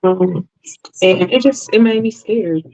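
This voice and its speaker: A woman guest in a casual chat, speaking hesitantly with many pauses. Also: mid-range voice, warm tone. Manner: hesitant, halting. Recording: dull lo-fi sound.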